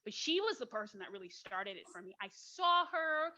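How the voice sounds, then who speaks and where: A woman in her forties from Nigeria, a guest opera singer telling her story in a casual podcast interview, animated and laughing often. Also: medium pitch, moderate pace, slight background noise. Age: 40s. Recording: dull lo-fi recording.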